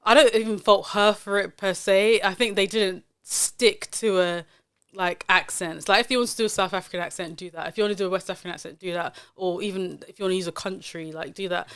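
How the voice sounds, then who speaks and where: Smooth-voiced woman hosting a podcast. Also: mid-range voice, fairly even intonation, brisk, fairly bright tone. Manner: opinionated, emphatic, lots of fillers. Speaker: podcast host. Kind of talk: casual chat.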